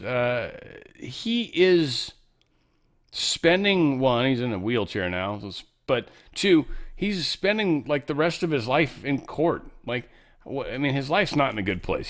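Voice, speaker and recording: A man's voice: medium pitch, a bit bright. A man hosting a casual news commentary show, talking in a rambling, offhand way with lots of fillers and restarts. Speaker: show host.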